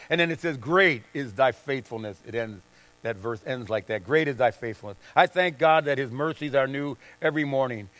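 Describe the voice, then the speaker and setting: An older male pastor preaches with an emphatic delivery, hammering key phrases again and again. His voice is high and bright, and the sound is dry and close. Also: no room sound. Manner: emphatic, repeats phrases for stress. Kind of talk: sermon.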